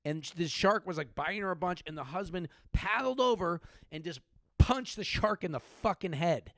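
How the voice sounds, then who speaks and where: A man's voice: sits high, normal speed, fairly bright tone, no echo, studio quality. A man in his thirties hosting a comedy podcast, riffing profanely on odd news stories and slipping into mock voices.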